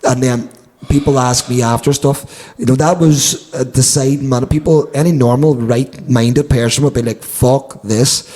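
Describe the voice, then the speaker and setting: A man co-hosting a podcast, talking excitably with swearing and stumbling restarts. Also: mid-range voice, normal speed, few pauses. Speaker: podcast co-host. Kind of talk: casual chat.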